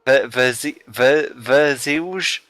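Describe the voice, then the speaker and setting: Male broadcast host, bright crisp voice, joking and teasing. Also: mid-range voice, slow, no echo. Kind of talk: casual race commentary.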